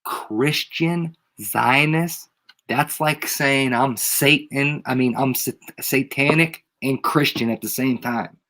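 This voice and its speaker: A man's voice: medium pitch, steady tone, unhurried, few pauses, sharp tone. A man with a head cold ranting casually to a live audience, emphatic and slangy, repeating his points over and over. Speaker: channel host. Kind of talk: casual livestream rant.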